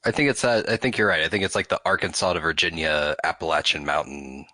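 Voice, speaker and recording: A man's voice: low-pitched, fairly even intonation, quick pace, bright, forceful tone, dry recording. A man co-hosting a podcast, chatting in an offhand, matter-of-fact way. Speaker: podcast co-host. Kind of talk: casual chat.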